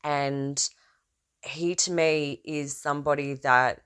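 Low-voiced, theatrical woman podcast host. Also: fairly even intonation, takes it slowly, fairly bright tone, smooth. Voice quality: trained opera singer's low voice. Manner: rambling, self-interrupting, theatrical swings in emphasis. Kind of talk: casual rambling monologue.

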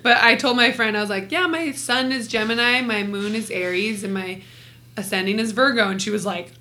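A woman's voice: medium pitch, brisk, bright, forceful tone, slight background noise. A young woman co-hosting a podcast, chatting casually and teasing bluntly. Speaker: podcast co-host. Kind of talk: casual chat.

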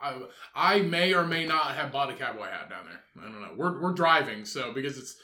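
A man's voice: medium pitch, very animated, a little fast, sharp tone, reverberant. A man co-hosting a podcast in casual chat, rambling and stumbling over his words. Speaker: podcast co-host.

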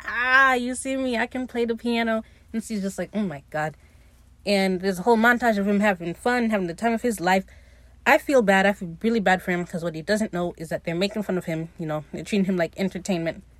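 A woman talks through a TV episode in a loose, chatty recap, swearing as she goes and slipping into brief quoted voices for the characters. Her voice sits at an ordinary middle pitch. The sound is dry and close, with no room echo. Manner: chatty, profane, acts out characters' lines in quick quotes. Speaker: podcast host.

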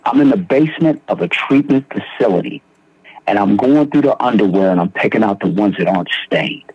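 A man's voice: fairly low pitch, animated, fairly quick, dull audio, a little hiss or hum. A young man from Philadelphia, telling his recovery story in conversation with slang and repeated starts. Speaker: guest in recovery. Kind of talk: personal testimony in conversation.

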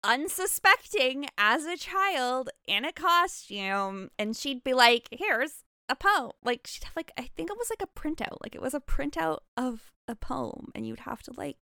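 A woman playing in a tabletop podcast, telling stories excitedly in casual chat. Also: sits high, moderate pace, gravelly, hardly any pauses, no echo, studio quality. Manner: excitable storyteller, many "like" fillers. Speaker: podcast player.

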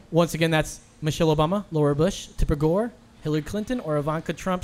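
A man's voice: fairly high pitch, animated, a little fast. A man hosting a casual trivia game with friends, announcing questions and answers with playful game-show flair. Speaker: quiz host. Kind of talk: casual podcast quiz banter.

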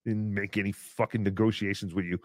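A man hosting a casual livestream, reading paid chat messages aloud in a mocking tone, swinging between shouts and mutters. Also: fairly low pitch, fairly even intonation, fairly quick, dry recording, studio quality.

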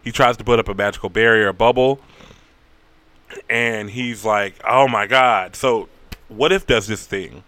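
A man casually recapping a story, rambling, profane and animated. His voice is bright and crisp, and the sound is dry and close. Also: on the low side, normal speed, long pauses, no echo.

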